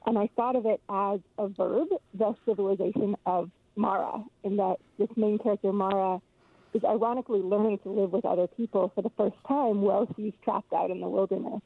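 A woman author talking about her book in a radio interview, thoughtful and halting, with many fillers. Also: mid-range voice, steady tone, creaky, no echo. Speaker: author guest. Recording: tinny phone line.

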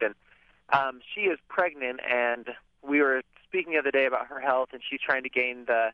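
A man's voice: medium pitch, dry recording. A man calling in to a radio show, telling a rambling story with a hesitant manner. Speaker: caller. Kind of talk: phone-in question. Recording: tinny phone line.

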